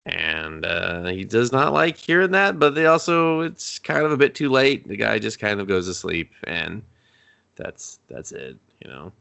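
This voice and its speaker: A man co-hosting a casual movie review chat, animated and laughing, acting out quotes in silly voices. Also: lowish voice, measured pace, creaky, clean tone. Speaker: podcast co-host.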